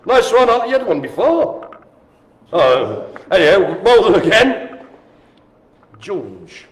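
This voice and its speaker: A man's voice: high voice, big pitch swings, slow. A man calling a live-streamed bingo game in an indoor room with a small audience, chatty and teasing. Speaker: bingo caller. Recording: echoey room.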